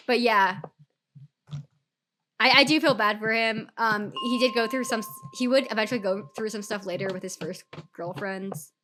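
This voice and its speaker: A young woman streaming a game and chatting casually, full of fillers, her voice rough from recovering from an illness. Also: mid-range voice, moderate pace, slight background noise. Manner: chatty, many fillers, animated retelling. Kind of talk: casual storytime while gaming.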